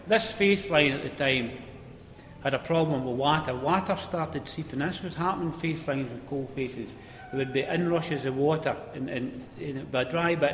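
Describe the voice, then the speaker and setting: A man with a Scottish accent telling an old mining anecdote in a relaxed, conversational way. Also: mid-range voice, a little hiss or hum. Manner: conversational, relaxed, repeats words as he goes. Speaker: storyteller. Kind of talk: spoken anecdote of mining days. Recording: echoey hall with faint ambience.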